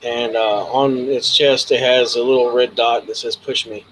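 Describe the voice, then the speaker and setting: A man narrating a tabletop game as game master, halting with frequent ums and uhs. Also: mid-range voice, little pitch movement, rough recording.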